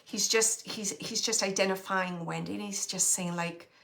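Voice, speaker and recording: Bright-voiced woman giving a halting psychic reading. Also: medium pitch, fairly even intonation, creaky. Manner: halting, searching, thinking aloud; laughs often. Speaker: psychic medium. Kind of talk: relaying a spirit reading.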